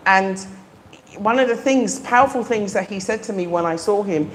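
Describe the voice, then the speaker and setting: A woman's voice: medium pitch, moderate pace, slight background noise. Chatty, enthusiastic woman live-streaming. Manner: chatty and enthusiastic, frequent ums. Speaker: livestream host. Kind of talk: casual live chat to viewers. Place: home in the Gambia.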